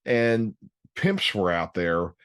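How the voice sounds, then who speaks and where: A man hosting a casual chat and telling a relaxed, drawn-out story. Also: fairly low pitch, clear, resonant tone. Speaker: host.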